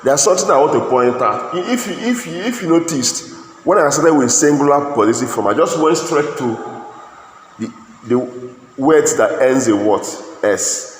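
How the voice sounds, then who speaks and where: Fairly high-pitched and animated, a man moves at a moderate pace through an English grammar class in Nigerian English. The echoey classroom carries faint noise as he asks "what?" of his students, answers his own question, and frequently repeats and starts over.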